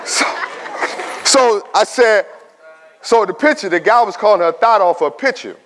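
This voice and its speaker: A man in his thirties giving a motivational talk to high school students, telling stories animatedly and bantering with the audience. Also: moderate pace, some chatter behind, slight background noise. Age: 30s. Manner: animated storytelling, acts out quoted voices, banters with the audience. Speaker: guest speaker at a high school. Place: large school hall. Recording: long reverb in a big hall.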